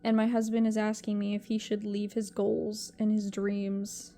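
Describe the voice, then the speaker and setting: A woman's voice: mid-range voice, completely flat delivery, moderate pace, dark tone, slight background noise. A young woman talking to camera in a personal vlog, emotional and rambling, often repeating herself. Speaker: vlogger.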